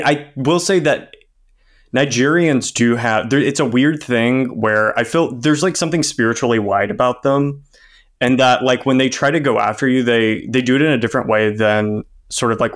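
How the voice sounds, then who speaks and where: A young man co-hosting a podcast in casual chat, musing hesitantly and laughing between phrases. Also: mid-range voice. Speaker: podcast co-host.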